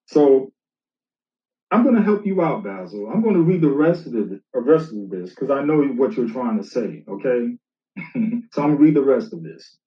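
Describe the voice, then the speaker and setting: An animated man of medium pitch, speaking at normal speed, is a minister rebutting critics in a casual, conversational way while reading scripture aloud. He repeats himself and speaks directly to his opponent. It's a roomy, distant recording with a dull, lo-fi sound.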